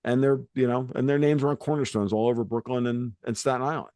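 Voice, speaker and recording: A man's voice: mid-range voice, fairly even intonation, fast, a little mellow, dry recording, clean studio sound. A man hosting a podcast, telling family stories in a rambling, salty way with many restarts. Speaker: podcast host. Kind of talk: casual podcast conversation.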